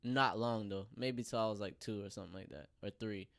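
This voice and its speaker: A young man, a filmmaker and podcast guest, chatting in a relaxed way with many fillers. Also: lowish voice, fairly quick. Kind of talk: casual chat.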